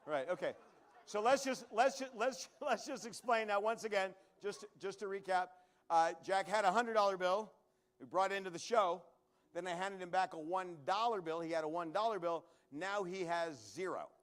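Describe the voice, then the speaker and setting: A man's voice: high-pitched, a bit bright. A man performing a live comedy magic act on a showroom stage, cracking jokes and chatting with the crowd as he does tricks. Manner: joking, quick asides to the crowd.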